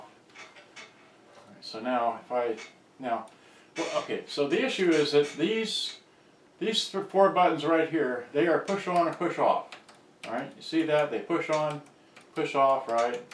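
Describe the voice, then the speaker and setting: A man explaining a repair on camera, thinking aloud in a halting, rambling way with many restarts, recorded on a handheld camera's built-in mic. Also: medium pitch, recorded from a distance. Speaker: electronics hobbyist explaining a repair. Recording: roomy, off-mic, faint background noise.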